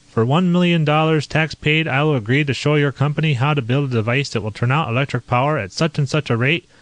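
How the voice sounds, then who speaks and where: A man voicing a blunt, self-assured male inventor who talks in a brisk, lecturing way, his voice a bit raised above his narration. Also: mid-range voice, no echo, pitched above the performer's own voice, natural voice. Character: blunt middle-aged male inventor, sure of himself.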